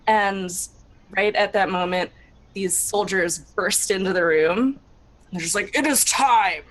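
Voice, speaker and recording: A woman describing her character's actions in a tabletop game. She is chatty and loose, filling her sentences with "like" and laughing easily. Her pitch sits in the middle. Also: fairly even intonation, unhurried, a bit bright, rough recording. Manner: chatty, filler-heavy, laughs often. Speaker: player. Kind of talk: tabletop role-play narration.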